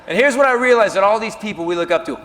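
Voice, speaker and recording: A man doing stand-up storytelling on a live stage, animated, jumping between shouting and hushed asides. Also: high voice, racing, in a large hall. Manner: animated, bursts into shouting, drops to near-whispers. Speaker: stand-up comedian.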